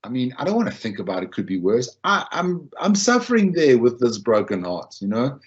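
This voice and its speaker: A man's voice: medium pitch, huge pitch swings, fairly quick, lo-fi sound. Man giving a chatty wellbeing talk. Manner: conversational, repeats phrases, acts out quoted lines. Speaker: wellbeing speaker. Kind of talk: informal talk on emotional support.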